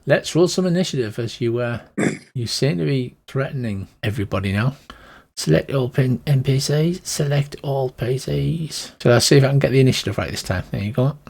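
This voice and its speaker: Man, game master, tabletop game narration, rambling, many fillers, mid pitch. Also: brisk, creaky, a little mellow. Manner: rambling, lots of fillers and restarts.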